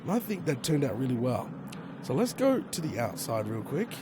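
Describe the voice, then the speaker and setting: Aussie guy w a hoarse voice muttering thru his game, bouncy pitch, lots of background noise. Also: very animated, moderate pace. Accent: Australian. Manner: chatty, muttering to himself with slang exclamations. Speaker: gaming YouTuber. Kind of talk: casual gameplay commentary.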